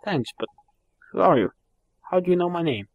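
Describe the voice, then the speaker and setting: A man's voice: high-pitched, expressive, normal speed, no echo, muffled recording, pitched above the performer's own voice. A man reading the lines of a polite, earnest young boy hero. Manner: earnest, questioning.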